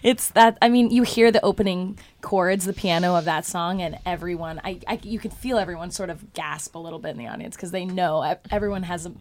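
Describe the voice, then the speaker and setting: A woman's voice: on the low side, fairly quick, hardly any pauses. A female musical theatre singer speaking earnestly and enthusiastically in an interview. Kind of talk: casual interview chat.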